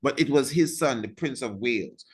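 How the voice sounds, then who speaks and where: A man's voice: medium pitch, lively intonation, moderate pace, breathy edge. A man giving an informal history lecture, emphatic and repetitive, firing rhetorical questions at his listeners and chuckling at his own remarks.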